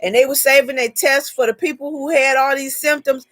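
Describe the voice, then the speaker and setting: A woman rambling through a personal story on a casual live chat, breaking off to greet viewers by name. Her voice sits a bit high, and the recording is dry and close. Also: steady tone, a little fast, fairly bright tone, no room sound.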